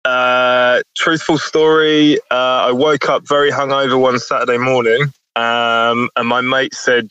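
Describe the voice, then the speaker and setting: A man's voice: medium pitch, flat delivery, a little slow, few pauses, sharp tone, clean tone, lo-fi sound. A man from the south of England, calling in by phone from his parked car and chatting loosely with laughs and fillers. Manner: laughing, rambling, many fillers. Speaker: caller. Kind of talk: casual phone chat. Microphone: phone on speakerphone.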